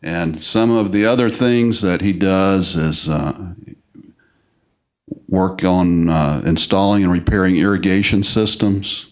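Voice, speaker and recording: Deep-voiced man presenting awards. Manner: unhurried, halting with many fillers. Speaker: city official presenting service awards. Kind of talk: formal ceremony remarks with casual asides. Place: council chamber.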